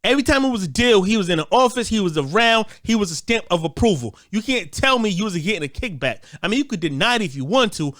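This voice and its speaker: A man's voice: high-pitched, big pitch swings, quick pace, few pauses, fairly bright tone, no echo, clean studio sound. A man giving a heated, profane rant as a commentator, often stammering and repeating words as he restarts.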